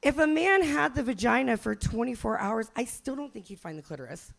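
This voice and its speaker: A woman's voice: a little high, lively intonation, a little fast, gravelly. A woman in her forties doing a brash, profane, self-mocking stand-up comedy set.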